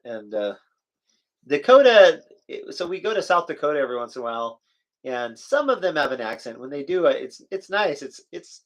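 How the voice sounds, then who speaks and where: With a sing-song, fairly bright mid-range voice and a brisk pace, a West Coast man co-hosts a relaxed live chat stream. He's talkative and joking, reading out what viewers write.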